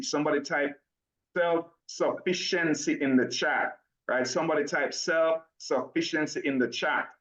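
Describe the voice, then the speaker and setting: Excited man with Jamaican-American accent. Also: fairly high pitch. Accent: mixed Jamaican and American. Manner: excited and fast, breaks into laughter, addresses audience directly. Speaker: presenter at a business launch event. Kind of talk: energetic promotional pitch. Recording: dull lo-fi audio.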